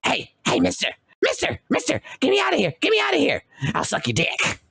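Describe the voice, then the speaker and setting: A man voicing a frantic male prisoner in a cage, begging for rescue in a high, breathy, squeaky voice. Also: huge pitch swings, brisk, sharp tone, dry recording, studio quality, full character voice. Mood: desperate. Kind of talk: tabletop roleplay impression in a stream.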